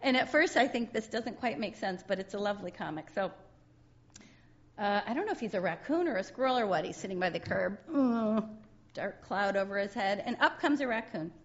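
A woman's voice: medium pitch, expressive, a little fast, highs cut off. A woman giving a sermon in a chatty, conversational way, often breaking into laughter.

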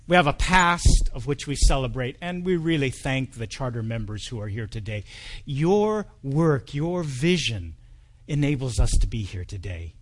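A man preaching at a church anniversary, telling a humorous story in a conversational manner with frequent ums. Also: mid-range voice. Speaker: pastor.

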